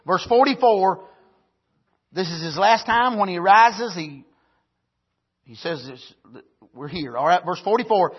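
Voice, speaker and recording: A man preaching a sermon, husky, punctuating points with amens and building to emphatic, rising bursts. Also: high-pitched, expressive, measured pace, long pauses, dull audio. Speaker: pastor.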